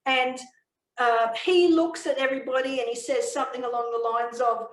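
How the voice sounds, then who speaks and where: A woman giving a communication training webinar, explaining and telling a story in a measured way. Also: fairly high pitch. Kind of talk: webinar teaching. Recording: echoey room, mic far off.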